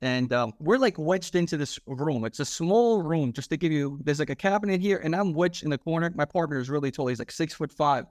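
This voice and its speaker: A man in his thirties, a former police officer guesting on a podcast, telling a story casually in a slangy, animated way and acting out the dialogue. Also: a little high, fairly quick, hardly any pauses, dry recording, clean studio sound.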